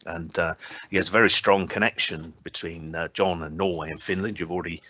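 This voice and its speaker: A man's voice: low-pitched, fairly even intonation, fairly quick, sharp tone, no echo, highs cut off. A man giving an academic talk at an online scientific symposium, hesitant with frequent filler sounds, with touches of dry humour. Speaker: invited speaker at a scientific symposium.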